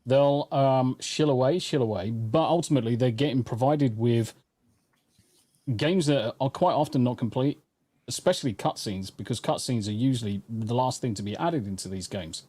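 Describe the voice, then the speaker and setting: A man's voice: mid-range voice, normal speed, warm tone. A man hosting a casual podcast chat about games, opinionated and swearing freely. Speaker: podcast host.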